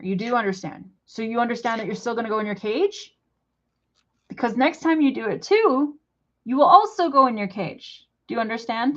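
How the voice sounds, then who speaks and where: A woman's voice: fairly high pitch, fairly bright tone, highs cut off. Exasperated woman lecturing her pet bird. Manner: exasperated, repetitive, lecturing in simple broken phrasing. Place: apartment indoors.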